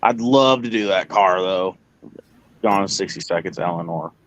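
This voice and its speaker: Man, casual call, rambling, low voice, trails off. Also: moderate pace, poor audio. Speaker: livestream participant. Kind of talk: casual group chat.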